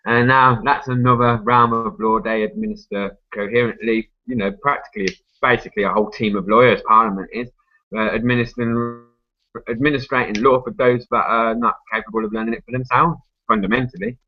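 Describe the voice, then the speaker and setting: A man's voice: mid-range voice, muffled recording. A man, arguing at length in a casual group discussion, full of tag questions, restarts and swearing. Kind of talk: rambling casual argument.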